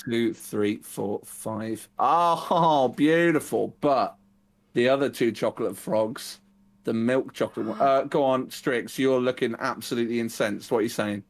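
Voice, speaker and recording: A man narrating as game master, casual and loose, swearing and counting moves out loud. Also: mid-range voice, a little slow.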